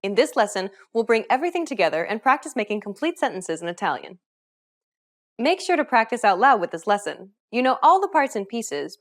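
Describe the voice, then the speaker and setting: Woman, scripted lesson narrator, clear and instructive, animated delivery. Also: medium pitch. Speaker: language teacher.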